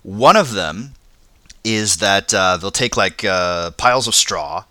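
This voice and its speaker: Brief: talkative male podcast host, bright tone, dry studio mic, stumbles over words. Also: low voice, lively intonation, takes it slowly, no echo. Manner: chatty, stammers and laughs often. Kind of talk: casual comedic podcast chat.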